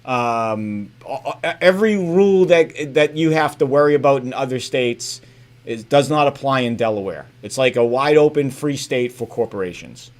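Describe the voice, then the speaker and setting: A middle-aged man co-hosting a casual sports podcast, giving earnest explanations that drop off quietly at the ends. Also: medium pitch, expressive, moderate pace. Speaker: podcast co-host.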